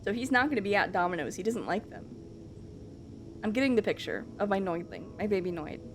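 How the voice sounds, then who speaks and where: A woman's voice: mid-range voice, animated, fairly quick, slight background noise. A woman streamer chatting casually with her live audience, rambling along with lots of fillers and the odd swear.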